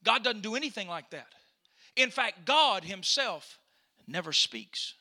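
Male pastor preaching in church, high sharp voice, drops an uh between every phrase. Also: big pitch swings, unhurried. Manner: preaching with an 'uh' between phrases, building to shouts. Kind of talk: sermon. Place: church sanctuary during a service.

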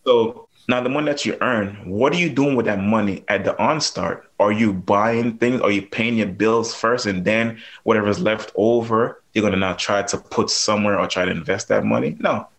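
A man's voice: on the low side, moderate pace, few pauses. A man with a Jamaican accent, a plumber and landlord, talking loosely with lots of fillers as a podcast guest. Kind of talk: casual podcast interview.

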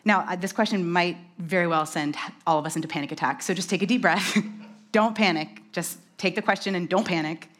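A woman delivers a conversational sermon. She talks fast and animatedly and drops in quick self-deprecating asides. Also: fairly low pitch, a bit bright. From New York. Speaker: preacher.

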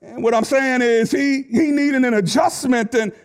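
A middle-aged man delivers a sermon in a notably high-pitched voice. He tells personal stories with animated energy, at times climbing to shouts and at times dropping to a quiet aside. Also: moderate pace, smooth. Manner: animated storytelling preacher, rising to shouts. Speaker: pastor.

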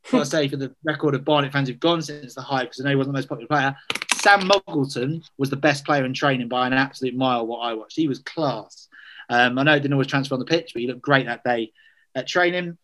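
A man's voice: mid-range voice, quick pace, fairly bright tone. A man, telling a story in casual chat, self-deprecating, full of fillers and restarts.

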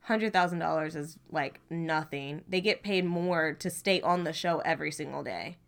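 A woman's voice: deep voice, normal speed, vocal fry, a bit bright, clean tone. A young woman co-hosting a podcast, talking casually and animatedly, often restarting her sentences. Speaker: podcast co-host. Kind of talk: casual chat about reality TV.

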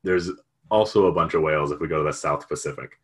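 A man's voice: very deep voice, fast, a bit bright, husky. A man retelling a story in casual chat, rambling and jokey, with lots of fillers.

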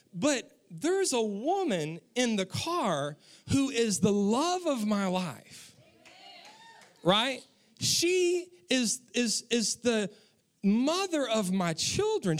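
Animated high-voiced man preaching a sermon. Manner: animated storytelling, acting out his own quotes. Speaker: pastor.

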